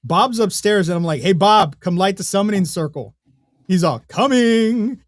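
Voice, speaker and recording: Animated, foul-mouthed man podcasting. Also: high-pitched, normal speed, dry recording, studio quality. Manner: profane, animated storytelling. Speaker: podcast co-host. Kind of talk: casual podcast chat.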